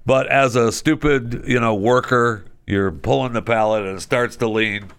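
A man's voice: mid-range voice, fairly even intonation, normal speed, clear, resonant tone, no echo. A man hosting a talk show, delivering a casual monologue with chatty, opinionated asides and wry humor. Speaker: radio show host.

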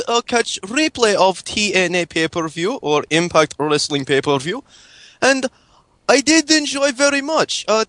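A boastful Russian caller, put on by a man in a thick fake accent. He talks haltingly, drops his articles and fills gaps with "uh". The voice is pitched up and the sound is dry and close. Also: a bit bright, no echo, heavily acted.

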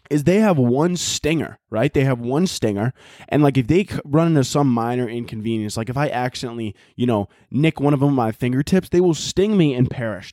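A man's voice: on the high side, darkish tone, dry recording, studio quality. A young man hosting his own podcast, rambling in a profane, self-mocking comic rant. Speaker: podcast host. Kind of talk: solo comedic podcast rant.

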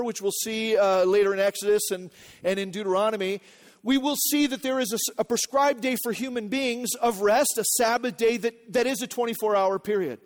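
High-voiced male pastor preaching. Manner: earnest teaching, repeats key phrases, asks the congregation questions. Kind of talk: sermon.

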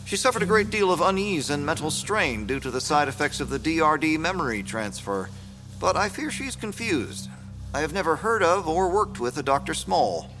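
An actor playing a calm, persuasive male psychiatrist who is secretly a villain in an audio drama. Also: fairly high pitch, normal speed, over music. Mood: smooth. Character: smooth, self-assured male psychiatrist villain.

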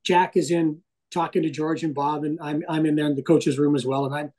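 A middle-aged man, a hockey broadcaster and interview guest, telling stories in a casual, animated way and swearing freely. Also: on the high side, fairly quick, rough recording.

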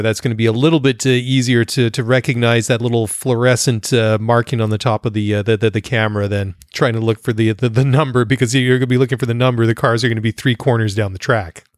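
A man's voice: medium pitch, no room sound. A man co-hosting a casual podcast, rambling on with plenty of restarts. The recording is dry and close, with no room sound. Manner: rambling, with many fillers and restarts. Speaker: podcast co-host.

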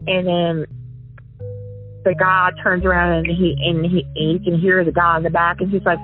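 A woman's voice: on the low side, level tone, moderate pace, soft background music. Woman rambling over a tinny phone line. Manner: rambling, self-interrupting, confessional. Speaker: interviewee, former prank caller. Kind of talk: casual interview.

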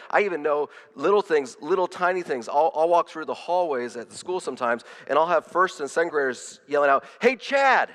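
A man's voice: medium pitch, fairly bright tone, long reverb tail. A man preaching a sermon as pastor, earnest, often repeating words and restarting his phrases.

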